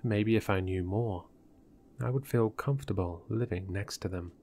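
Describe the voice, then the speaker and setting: A man narrating a horror story in a measured, deliberate way. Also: lowish voice, warm tone, slight background noise.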